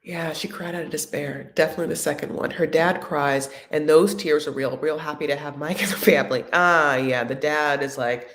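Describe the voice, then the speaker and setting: A woman's voice: sits low, fairly even intonation, brisk, few pauses, a bit bright. A woman hosting a live chat recap of a reality show, sassy and chatty, calling her viewers honey. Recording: echoey room.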